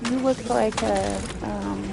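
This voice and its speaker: A woman's voice: a little high, fairly even intonation, a little slow, gravelly. Blunt, profane woman streamer. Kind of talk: casual chat while playing. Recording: faint game music behind.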